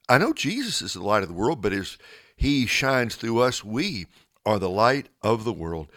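A man's voice: lowish voice, no room sound, studio quality. A man reading a scripture passage on a radio show and giving an earnest devotional word. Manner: earnest, gently preachy.

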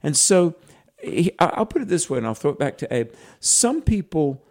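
Southern man pitching on Christian radio. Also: very animated, normal speed, a little mellow. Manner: earnest, folksy storytelling with restarts. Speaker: radio co-host. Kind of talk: radio fundraiser appeal.

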